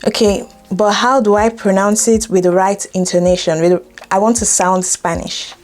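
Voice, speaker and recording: A woman's voice: medium pitch, fairly even intonation, moderate pace, darkish tone. A young woman hosting a casual tutorial, playful and jokey, talking straight to viewers. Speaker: tutorial host.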